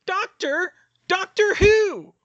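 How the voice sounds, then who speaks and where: Sonia: a man playing a shy, squeaky elf girl. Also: slow, fairly bright tone, lo-fi sound, exaggerated voice. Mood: unsure. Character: shy, suspicious female house-elf.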